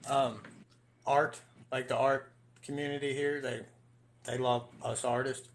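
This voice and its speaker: A man, a guest on a phone video call, talking loudly and rambling with jokes. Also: mid-range voice, flat delivery, unhurried. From Kentucky. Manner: loud, rambling, jokey. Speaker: guest, artist. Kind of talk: casual chat.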